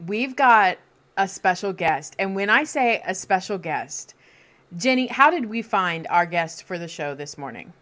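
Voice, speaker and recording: A woman's voice: medium pitch, lively intonation, unhurried, a bit bright. A woman co-hosting a podcast, bubbly and enthusiastic as she introduces a guest. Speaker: podcast co-host. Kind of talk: casual podcast chat.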